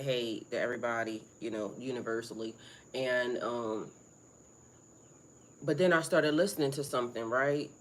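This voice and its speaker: A middle-aged woman, hosting a casual spiritual live stream in a rambling, excitable, profane way. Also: extremely low pitch, slight background noise. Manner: rambling, excitable, profane, greets viewers by name.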